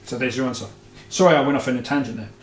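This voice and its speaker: At medium pitch and a racing pace, a guitar show host fields questions from viewers. It's a loose, rambling chat full of "you know"s, restarts, and self-corrections, with roomy echo and faint music in the recording.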